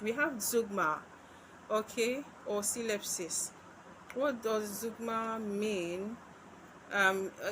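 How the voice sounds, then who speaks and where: Woman, Nigerian English accent, teacher, slow and deliberate, repeats herself, faint room noise. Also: mid-range voice, fairly bright tone, rough recording. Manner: slow, repetitive, checks in with "okay?". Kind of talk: exam-prep literature lesson.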